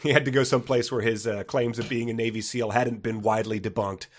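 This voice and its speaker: A man's voice: medium pitch, fairly even intonation, quick pace. A man co-hosting a comedy book podcast, chatting casually, laughing often and reading passages aloud with mock drama. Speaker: podcast co-host.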